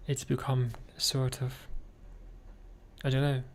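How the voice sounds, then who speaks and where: Still drowsy and tired from his surgery, the man talks with viewers in a mid-range voice that is slow and completely flat, with slight background noise. The casual chat wanders, frequently drops to a whisper, and he addresses people as "darling" again and again.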